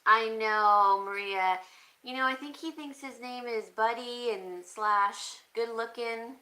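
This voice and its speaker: A woman with a bright, clear tone chats casually on a live stream. She reads viewer comments aloud and thinks out loud, often pausing with an easy "um, let's see.". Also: on the high side, poor audio. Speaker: crafting channel host.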